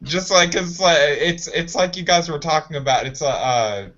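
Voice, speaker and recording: Male panelist, sharp bright tone, fairly high, wry one-liners. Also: normal speed, highs cut off. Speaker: sports podcast panelist. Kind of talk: casual chat.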